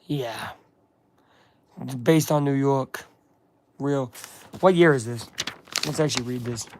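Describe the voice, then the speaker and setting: A man's voice: medium pitch, takes it slowly, background noise. A man chatting casually on a live stream, reading a comic aloud and breaking off for asides to viewers.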